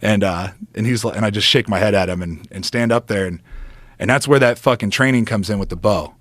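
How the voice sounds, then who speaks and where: A man on a podcast telling a long hunting story in a casual, animated way, swearing often and laughing between lines. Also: fairly low pitch, brisk, dry recording. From United States. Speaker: podcast guest, former football player.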